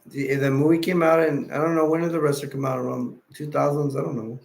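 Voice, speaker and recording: A man's voice: on the high side, flat delivery, quick pace, creaky, slight background noise. A tired man hosting a late-night livestream, rambling casually and reading chat messages and wiki text aloud. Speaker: livestream host.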